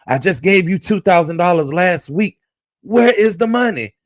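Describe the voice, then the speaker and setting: A man voicing an angry husband who bursts in demanding where the money went, threatening and loud. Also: high-pitched, lively intonation, normal speed, dry recording, pitched above the performer's own voice. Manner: shouting, threatening.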